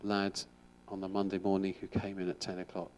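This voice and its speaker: A man's voice: sits low, monotone, a little fast, a little mellow, slight background noise. A middle-aged man, a school chaplain, giving an informal sermon in a chatty, rambling way with frequent restarts.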